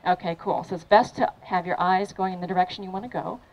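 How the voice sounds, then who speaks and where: A woman fitness trainer running a lively training demo for a crowd at an outdoor event, encouraging and laughing often. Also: lowish voice, fast, highs cut off, a little hiss or hum.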